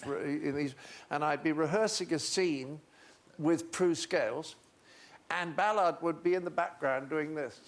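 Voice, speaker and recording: An older man, a talk show guest, telling animated anecdotes, chuckling and acting out voices. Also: on the high side. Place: TV studio with audience.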